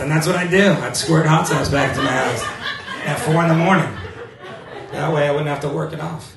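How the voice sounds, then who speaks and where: Gravelly man doing stand-up. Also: fairly high pitch, fairly even intonation, fairly quick, echoey room, distant mic, crowd noise. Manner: crude, self-mocking, swears often. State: voice going hoarse. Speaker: stand-up comedian. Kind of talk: stand-up set. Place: comedy club stage.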